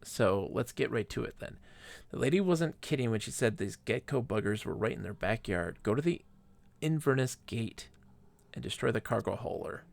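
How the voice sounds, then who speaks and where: A man voicing a gruff Scottish male mercenary from a space game, reading the lines in a put-on Scottish accent. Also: mid-range voice, lively intonation, moderate pace. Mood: brusque. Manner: reads game dialogue aloud with a put-on brogue.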